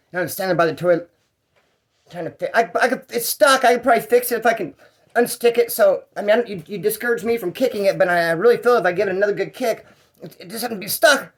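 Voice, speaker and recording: A man's voice: high voice, fairly quick. A man telling his own jail stories in a casual, rambling, slang-heavy way. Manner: rambling and slangy, with fillers and restarts. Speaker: storyteller. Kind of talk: casual first-person jail story.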